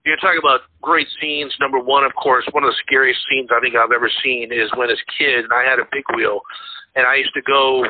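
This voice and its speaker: A man's voice: mid-range voice, steady tone, brisk, breathy edge. A man co-hosting a casual podcast chat about movies, rambling with lots of fillers and restarts. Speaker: podcast co-host. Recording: tinny phone-like line.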